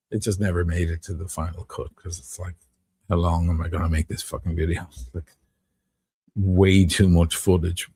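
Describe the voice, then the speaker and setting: A man's voice: low voice, flat delivery, normal speed, pauses often, darkish tone, breathy edge, no room sound. A middle-aged man from Dublin with a Dublin Irish accent, telling rambling, profane stories and answering viewers on a live stream. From Ireland. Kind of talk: casual live-stream storytelling.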